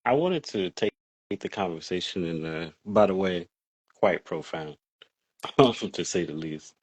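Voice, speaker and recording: A man interviewing an artist, soft-spoken, asking questions and giving short affirmations. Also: low voice, unhurried, slightly rough, no echo, poor audio.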